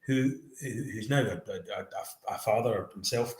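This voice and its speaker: A man's voice: lowish voice, a little slow. Wry man with a roomy echo. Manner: wry, teasing banter. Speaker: podcast co-host. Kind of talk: casual chat.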